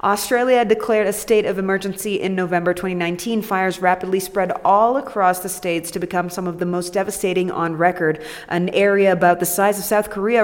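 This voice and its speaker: A woman hosting a casual solo comedy podcast, irreverent and crude, talking to herself and cracking jokes. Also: mid-range voice. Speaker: podcast host. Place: new home with echoey room. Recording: echoey room with long reverb.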